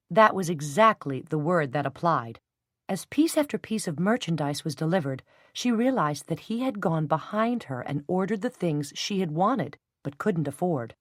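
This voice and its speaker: With a voice on the low side, a woman narrates a novel for an audiobook in a level, measured style. It's scripted narration, recorded dry with clean studio sound.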